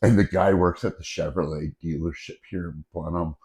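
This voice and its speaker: A man's voice: deep voice, steady tone, moderate pace, a little mellow. A man, a podcast cohost, chatting casually and swearing while joking about a school memory. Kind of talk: casual chat.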